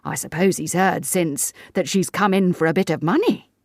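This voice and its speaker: A woman voicing a calm, firm, sharp-tongued old lady. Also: fairly low pitch, moderate pace, gravelly, no room sound, studio quality, pitched above the performer's own voice.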